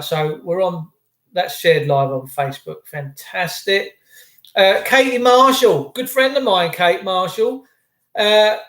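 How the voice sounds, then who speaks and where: In an echoey room, a livestream host with a high, fairly bright voice greets his viewers by name and wanders loosely between topics. His banter stays chatty and rambling the whole way through.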